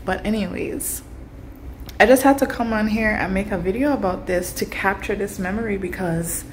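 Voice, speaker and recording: A woman's voice: mid-range voice, moderate pace, a little hiss or hum. A young woman vlogging casually to her phone camera, chatty and emotional, talking straight to her viewers. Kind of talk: casual vlog talk to camera.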